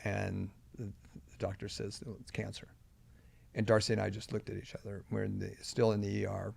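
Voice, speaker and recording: A man's voice: on the low side, completely flat delivery, fairly quick, creaky, darkish tone, husky, dry recording. An older man, a podcast guest, telling a personal story earnestly and with emphasis at key moments.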